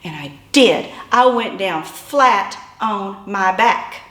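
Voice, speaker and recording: A woman telling a personal story in an animated way, building to yelps and shouts. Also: medium pitch, takes it slowly, reverberant.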